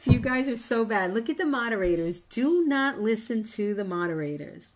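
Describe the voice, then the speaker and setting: A woman's voice: a little high, expressive, moderate pace. A woman teaching a live online scrapbooking class in a chatty, encouraging way, teasing her viewers as she walks through each step. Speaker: scrapbooking instructor.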